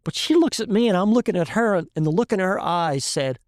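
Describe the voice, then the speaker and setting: A man, a chef and guest, telling an animated story in casual chat and laughing often. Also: sits high, fairly quick, no echo, studio quality. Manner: animated, laughs often, tells stories with voices.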